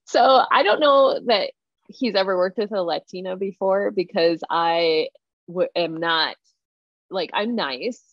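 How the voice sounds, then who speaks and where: A woman guest retelling a workplace story in casual, animated talk full of fillers. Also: fairly low pitch, a little slow, no room sound. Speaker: interview guest. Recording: muffled lo-fi dry recording.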